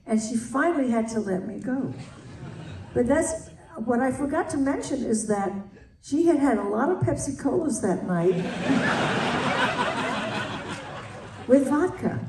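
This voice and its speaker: An older woman tells a story on stage, her pitch rising and falling freely. She laughs easily as an animated storyteller. The sound is roomy and distant. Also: takes it slowly, pauses often, over a noisy crowd. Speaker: guest. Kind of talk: anecdote on stage. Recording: roomy hall, distant mic.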